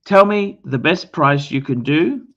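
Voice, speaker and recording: A man hosting a casual livestream talks in a blunt, bossy way and swears freely. His voice sits a little high. The recording sounds dull and muffled. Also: expressive, measured pace, a bit bright. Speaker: livestream host.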